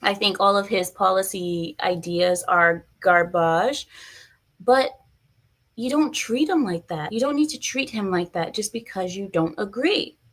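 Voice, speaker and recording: A woman's voice: medium pitch, a little slow, fairly bright tone. A woman doing casual live-stream commentary, chatty and opinionated, reading viewer comments aloud.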